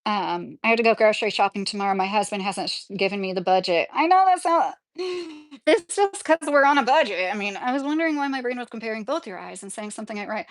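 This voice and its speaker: A woman's voice: medium pitch, expressive, fast talker. A woman hosting a casual livestream, chatting and talking back to viewer comments as she reads them. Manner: chatty, laughs often, talks back to the chat. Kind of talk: casual chat.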